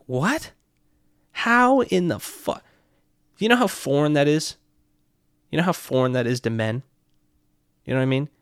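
A young man telling a night-out story in a profane, excitable way, constantly checking in with his listener. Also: medium pitch, no echo, clean studio sound. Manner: profane, excitable, keeps asking "right?". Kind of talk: casual anecdote.

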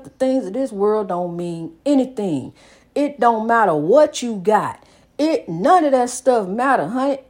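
A woman giving a preaching motivational talk, repeating phrases and calling the listener honey. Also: high voice. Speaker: speaker on faith and recovery.

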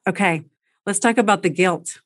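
A woman coaching a parent through everyday problems, speaking in a direct, practical and lively way. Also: medium pitch, normal speed, no room sound, clean studio sound. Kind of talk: coaching conversation.

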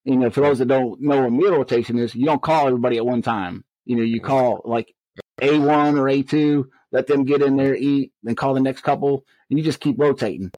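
A middle-aged man, a correctional officer, telling his story as an animated interview guest. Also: mid-range voice, fairly quick, no room sound, low-quality recording. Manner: animated storyteller who acts out quoted exchanges.

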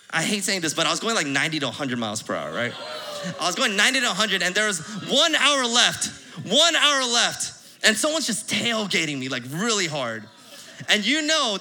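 Bright-voiced young man telling a church story. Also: a little high. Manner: animated, laughing storyteller acting out his own reactions. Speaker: church speaker sharing a testimony. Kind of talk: sermon storytelling.

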